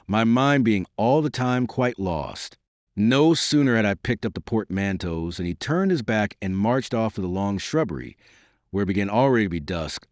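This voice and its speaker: With a fairly low pitch and a deliberate, formal delivery, a male narrator works through an audiobook script. The sound is studio quality, free of any echo.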